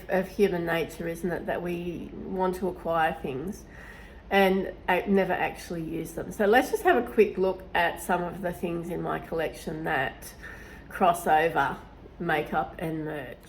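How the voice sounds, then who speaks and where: A woman's voice: fairly low pitch, a little slow, poor audio. Middle-aged woman vlogging to camera, a bit nasal from a cold, friendly chatty vibe, faint hiss. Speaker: beauty vlogger. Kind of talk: casual to-camera chat.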